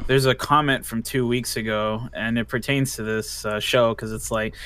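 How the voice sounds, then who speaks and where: A man's voice: mid-range voice, fairly even intonation, normal speed, fairly bright tone. A young man co-hosting a casual podcast chat, telling rambling stories with many fillers. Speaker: podcast co-host.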